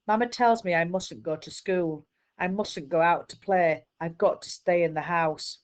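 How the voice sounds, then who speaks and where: Woman, teacher, children's story read-aloud, steady, lowish voice. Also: moderate pace. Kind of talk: reading a children's book aloud.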